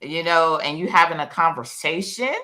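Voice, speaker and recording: A woman's voice: low voice, moderate pace, bright, forceful tone. A woman with a New York accent in casual chat about card reading, rambling and repeating words with lots of "you know". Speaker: panelist.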